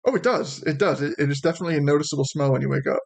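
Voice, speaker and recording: A man running a tabletop role-playing game as game master, describing scenes in a hesitant, halting way with many restarts. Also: a little high, creaky, breathy edge.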